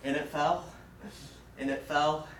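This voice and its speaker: A man's voice: a little high, level tone, a bit bright, slight background noise. Young man preaching in an echoey room. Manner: earnest, with many fillers and pauses. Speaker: student preacher. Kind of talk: sermon with a personal story. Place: classroom. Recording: roomy echo from far off.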